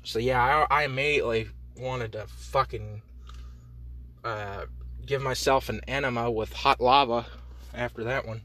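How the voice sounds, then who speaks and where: A young man hosting a podcast, rambling through profane, absurd comic tangents in a deadpan way, talking from inside a parked truck. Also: mid-range voice, a little slow. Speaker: podcast host. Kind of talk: rambling comedic monologue.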